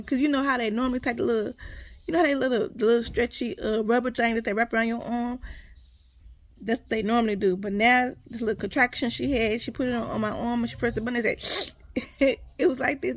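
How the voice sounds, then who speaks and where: A woman's voice: fairly high pitch, no echo. A woman telling a casual story to her viewers, acting out what others said and calling them y'all. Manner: animated, quotes others, addresses viewers as y'all.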